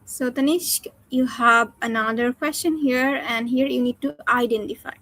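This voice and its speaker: A woman teacher giving instructions and questions in an oral exam, clear and guiding. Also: a little high, fairly even intonation, moderate pace, bright, forceful tone, no room sound. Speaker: teacher examining a student.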